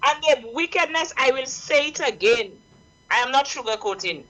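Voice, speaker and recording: Saint Lucian woman caller, high bright voice, preachy and insistent. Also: animated, moderate pace, low-quality recording. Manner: impassioned, preachy, repeats herself. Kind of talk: radio call-in.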